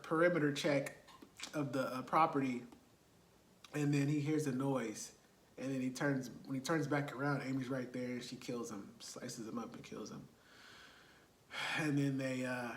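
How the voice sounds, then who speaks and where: A man's voice: mid-range voice, a bit bright, echoey room. A man, casually retelling a movie plot with laughs and rhetorical asides. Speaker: movie reviewer.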